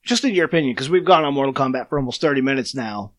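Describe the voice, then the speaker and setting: A man's voice: medium pitch, animated, racing, fairly bright tone, dry recording. A man co-hosting a casual gaming podcast, with a smoker's voice, joking and ranting about game publishers. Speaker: podcast co-host.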